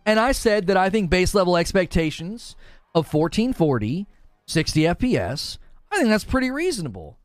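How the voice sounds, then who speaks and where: A young man doing casual livestream commentary on games, animated and exasperated. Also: high voice, no echo, studio quality, faint music behind. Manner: animated, exasperated, quick retorts. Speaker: gaming streamer.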